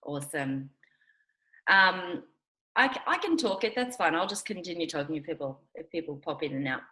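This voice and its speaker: A woman with a husky morning voice, a little sick, giving an upbeat, chatty talk as a guest speaker on a conference call and often asking her listeners questions. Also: low-pitched, expressive, moderate pace, bright, forceful tone, poor audio.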